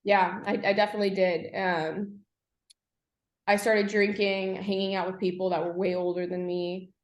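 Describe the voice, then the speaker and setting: A young woman, a podcast guest, telling her personal story candidly, with frequent pauses and fillers. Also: mid-range voice, flat delivery. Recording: echoey room.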